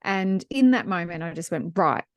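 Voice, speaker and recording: A woman co-hosting a business podcast, telling personal stories in an animated way. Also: fairly low pitch, moderate pace, no room sound. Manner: warm storyteller, animated when retelling scenes. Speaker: podcast co-host. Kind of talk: casual business podcast chat, storytelling.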